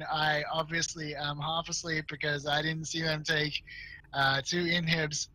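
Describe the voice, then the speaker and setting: Brief: young male esports caster, hoarse and tired-sounding, bright sharp tone, slightly high voice, eager play-by-play. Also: poor audio. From Australia or New Zealand. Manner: excitable, fast, rambling with fillers. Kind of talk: play-by-play game commentary.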